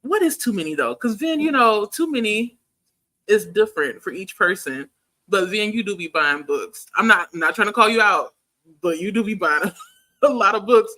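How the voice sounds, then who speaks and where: Bright-voiced chatty woman livestream host. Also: medium pitch. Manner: chatty, reads chat comments aloud, laughs often. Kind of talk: casual livestream chat.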